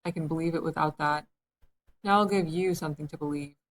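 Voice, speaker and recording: A flustered, scatterbrained old queen, voiced by a woman reading a storybook aloud. She frets and pleads in a fussy manner, and the voice stays fairly low. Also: fairly even intonation, brisk, a little hiss or hum, lightly acted.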